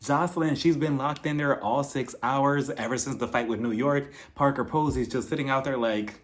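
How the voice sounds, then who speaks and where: A man giving a casual, expressive recap of a reality TV episode, opinionated and full of "like" and "you know". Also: medium pitch, moderate pace. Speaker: reality TV reviewer.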